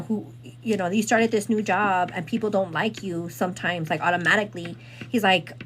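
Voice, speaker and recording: A woman's voice: mid-range voice, slight background noise. Chatty woman host, plain mid voice. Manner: rambling, animated retelling with many fillers. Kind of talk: casual chat.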